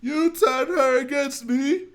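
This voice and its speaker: A man voicing a gruff older male rebel warlord who cries out in anguish, strained and shouting. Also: very high voice, takes it slowly, pitched above the performer's own voice, full character voice.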